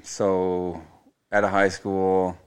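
A man's voice: low-pitched, flat delivery, drawn-out words, smooth. A Canadian man in his thirties, a podcast guest telling laid-back stories in casual chat, with some casual swearing. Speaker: podcast guest, chef and teacher.

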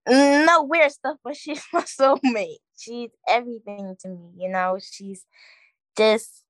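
A woman's voice: on the high side, takes it slowly, no echo. A teenage girl co-hosting a school podcast in casual, playful chat. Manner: playful, joking. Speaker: podcast co-host.

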